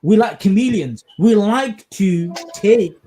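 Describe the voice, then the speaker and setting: An English man hosts a casual podcast discussion in a high voice, taking things slowly. He speaks in an animated, emphatic way and keeps checking in with listeners, asking things like "you understand?"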